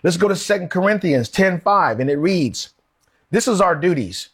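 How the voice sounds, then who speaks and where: A man's voice: high voice, animated, normal speed, husky. A man preaching a sermon in a conversational, emphatic way, posing questions to his listeners.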